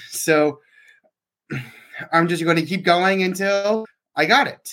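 A young man answers questions as a podcast guest, speaking in a hesitant, halting way. His voice sits a little higher than most men's. He often restarts his sentences and fills gaps with "like". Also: fairly bright tone. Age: young adult. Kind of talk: casual interview.

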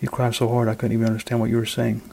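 A man reading the lines of a dead wife in a story, speaking softly and tenderly. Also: mid-range voice, completely flat delivery, very fast, gravelly. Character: grieving widow's late wife, gentle middle-aged woman.

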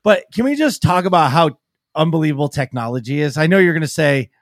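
A man's voice: on the high side, lively intonation, quick pace, no echo, clean studio sound. A man co-hosting a casual podcast, talking bluntly and swearing freely. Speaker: podcast co-host and streamer. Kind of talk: casual chat.

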